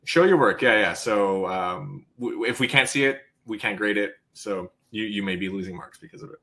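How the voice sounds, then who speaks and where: A man's voice: fairly low pitch, normal speed, sharp tone. A man hosting the workshop, summing up takeaways with many fillers and hesitations. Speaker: host.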